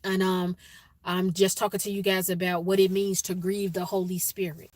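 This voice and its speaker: A woman's voice: lowish voice, flat delivery, moderate pace, no room sound. A woman with a Chicago accent hosting a casual livestream, chatting with viewers and greeting them by name. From Chicago, USA. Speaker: livestream host.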